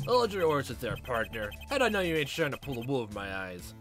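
A man voicing a swaggering cowboy detective in a put-on Texan drawl, folksy and booming, with game music behind. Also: huge pitch swings, quick pace, fairly bright tone.

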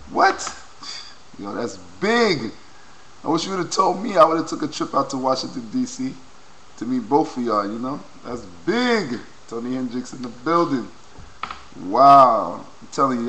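Young male vlogger, hyped and repetitive, bright forceful voice, cheap webcam mic with faint noise. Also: medium pitch, low-quality recording. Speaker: video blogger. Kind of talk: excited webcam vlog reaction. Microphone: low-quality webcam.

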